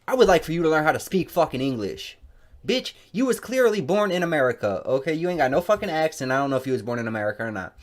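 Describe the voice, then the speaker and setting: Angry man, mocking, swearing nonstop, slightly high voice, reaction commentary. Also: big pitch swings, quick pace.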